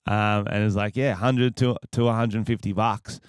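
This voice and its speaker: A man's voice: lowish voice, fairly even intonation, moderate pace, clean tone, dry recording, clean studio sound. A man with an Australian accent hosting a podcast, telling stories casually, profane and rambling, laughing at his own jokes. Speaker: podcast host.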